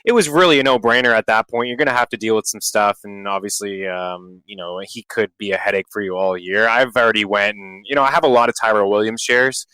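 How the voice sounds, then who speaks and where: A man co-hosting a sports podcast in a relaxed, conversational way. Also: fairly low pitch, quick pace, few pauses, smooth, dry recording, low-quality recording. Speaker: podcast co-host. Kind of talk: casual podcast chat.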